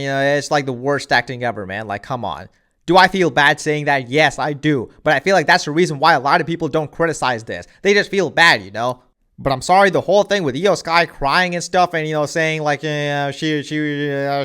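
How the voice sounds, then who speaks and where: A man's voice: a little high, a bit bright. A young man giving a casual, opinionated wrestling review, exasperated and ranting with lots of "you know" and "man".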